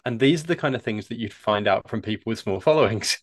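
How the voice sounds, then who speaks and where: Easygoing male co-host with a slightly low voice; casual banter. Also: animated, quick pace. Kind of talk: casual chat.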